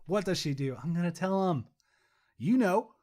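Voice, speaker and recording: A man's voice: sits high, expressive, normal speed, a little mellow. A young adult man co-hosting a podcast, rambling casually, swearing and mocking himself. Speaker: podcast co-host.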